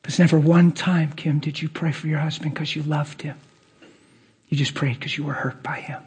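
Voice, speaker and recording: A man whispering as God, hushed and tender. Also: on the high side, steady tone, moderate pace, husky. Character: God speaking gently, male, tender and firm.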